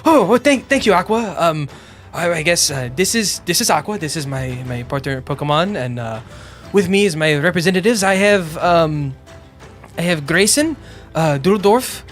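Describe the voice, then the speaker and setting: A man's voice: on the high side, expressive, moderate pace, a bit bright, faint music behind, voice pushed up. A man voicing a nervous, bumbling male regent who stammers and apologizes as he fumbles with his papers. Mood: nervously formal.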